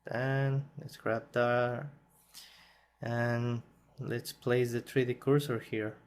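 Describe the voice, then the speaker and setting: A man who is not a native English speaker, hosting a software tutorial and thinking aloud as he works, a bit tired and self-correcting. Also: mid-range voice, little pitch movement, slow pace. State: yawning, tired. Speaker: tutorial host. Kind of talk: screen-recorded software tutorial.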